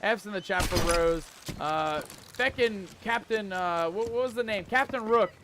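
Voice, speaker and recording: Over background music and noise, a high-pitched man speaks a little slowly as he streams a pirate game. He reads the chat aloud and slips into playful pirate slang while commenting on his gameplay live.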